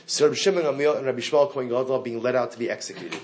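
A man's voice: medium pitch, very fast, darkish tone, a little hiss or hum. A middle-aged man teaching a Torah class, leading listeners through a text, asking rhetorical questions and repeating key phrases for emphasis. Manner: emphatic, rises sharply when reading Hebrew and Aramaic aloud.

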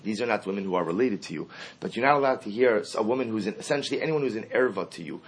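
A man giving a Talmud lesson, reading Aramaic lines and explaining them in English with lively emphasis. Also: lowish voice, very fast, husky. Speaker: Talmud teacher. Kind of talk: Talmud class lecture.

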